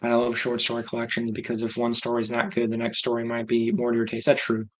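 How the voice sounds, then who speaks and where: Flat-voiced man chatting on a livestream. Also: medium pitch, fast, poor audio. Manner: rambling, reacting aloud to chat. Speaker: livestream host. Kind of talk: casual chat reading viewer comments.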